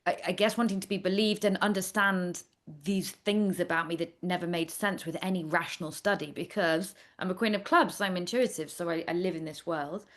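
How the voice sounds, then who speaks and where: A woman's voice: on the low side, steady tone, brisk, hardly any pauses. A woman guest in a casual interview, a chatty storyteller who talks in a playful, candid way. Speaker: astrologer guest.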